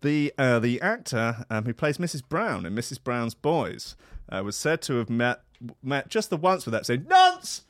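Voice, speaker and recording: A man's voice: mid-range voice, moderate pace, no echo, studio quality. A man as podcast host, doing a sweary comedic monologue that keeps slipping into voices and outbursts. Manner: animated, sweary, slips into voices and shouts.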